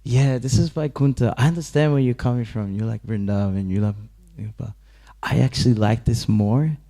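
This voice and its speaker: A man voicing a calm, gracious male god-king in his palace, explaining himself with relaxed, understated reassurance. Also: medium pitch, a little fast, close to an everyday voice. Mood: gentle.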